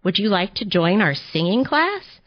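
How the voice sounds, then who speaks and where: A woman voicing a cheerful chirping robin in a storybook reading, with a high, chirpy delivery. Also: very animated, normal speed, dull audio.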